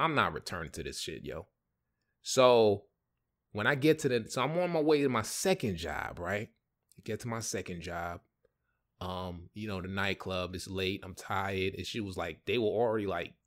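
A man hosting a podcast, telling a story in a casual, animated way with lots of slang and swearing. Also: fairly low pitch. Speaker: podcast host.

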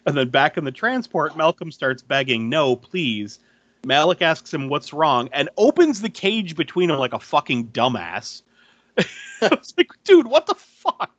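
A man hosts a podcast and walks through a film's plot in loose, chatty talk, swearing casually and laughing often. His voice is bright and forward. The recording is dry and a little dull and lo-fi. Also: fairly high pitch, dry recording. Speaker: podcast host recapping a movie. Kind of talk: casual chat.

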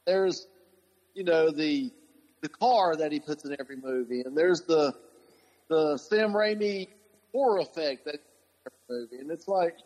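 Husky-voiced man in loose podcast chat. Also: on the high side, moderate pace, pauses often, a little mellow, poor audio. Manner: rambling, with many fillers and restarts. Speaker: podcast co-host. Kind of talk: casual chat.

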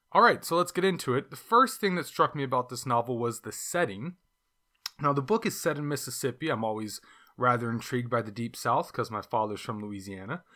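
A man's voice: mid-range voice, bright, forceful tone. A man with a Californian accent talking casually and thoughtfully about a novel he read, with some fillers and restarts. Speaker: book reviewer. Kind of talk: casual book discussion.

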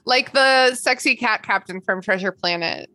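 Bright-voiced woman chatting casually. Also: mid-range voice, normal speed. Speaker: podcast co-host. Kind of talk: casual chat.

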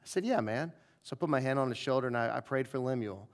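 A male preacher telling a personal story in a revival sermon, acting out the dialogue with lively shifts of voice. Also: medium pitch, fast. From southern United States.

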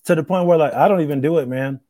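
A man's voice: fairly high pitch, quick pace, mellow, no echo, studio quality. A man who is a stand-up comic, chatting casually in a laid-back way, repeating himself and trailing off with "man". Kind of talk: casual podcast chat.

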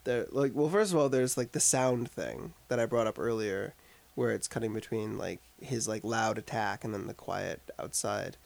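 A man's voice: fairly low pitch, normal speed, vocal fry. A man co-hosting a casual podcast chat, reviewing a film in a rambling way full of filler words. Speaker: podcast co-host discussing a film. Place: upstate New York.

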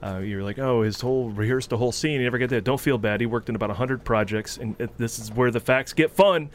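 A man's voice: mid-range voice, quick pace, a little hiss or hum. A man co-hosting a casual podcast, reading out film trivia with playful asides.

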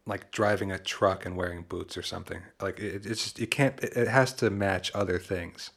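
Brief: low-voiced, laid-back male co-host, hesitant and profane. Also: steady tone, moderate pace, gravelly, a bit bright, breathy edge. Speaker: podcast co-host. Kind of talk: casual chat.

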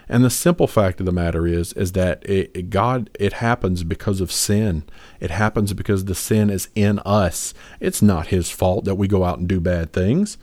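A man's voice: on the low side, a little mellow, dry recording. A man co-hosting a podcast, talking about faith in an earnest, rambling way with many fillers and restarts. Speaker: podcast co-host. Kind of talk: casual faith discussion.

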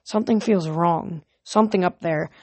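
A woman's voice: lowish voice, moderate pace, darkish tone, slightly rough, no echo. A woman reading the part of a serious, uneasy teenage boy hero in an earnest manner.

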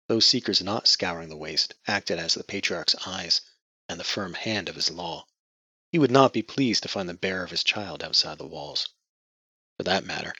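A man narrating a novel in measured, scripted storytelling. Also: deep voice, bright, forceful tone, breathy edge, dry recording. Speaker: audiobook narrator. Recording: muffled lo-fi dry recording.

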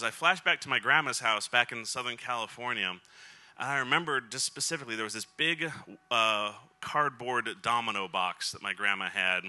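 A middle-aged man shares a personal story during a sermon, his voice very bright and sharp-edged. He speaks in a mid range, chatty and meandering, dropping fillers everywhere and slipping in little self-mocking jokes. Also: mid-range voice. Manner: self-deprecating humor.

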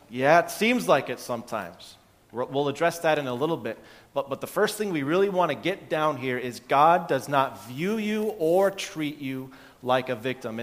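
Male pastor, conversational sermon, self-interrupting, slightly high voice, long reverb. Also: a bit bright.

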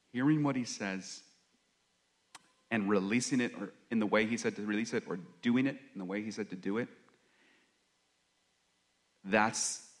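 A man speaks in a somewhat low voice, sharing a reflective sermon. He is earnest and confessional, and he often pauses and fills the gaps with fillers as he gathers his thoughts. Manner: halting, with many pauses and fillers. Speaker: worship leader or preacher.

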